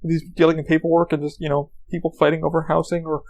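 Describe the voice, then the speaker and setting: A man's voice: on the high side, flat delivery, fast, a little mellow. A man hosting a podcast, telling rambling, profane anecdotes in a casual monologue. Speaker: podcast host.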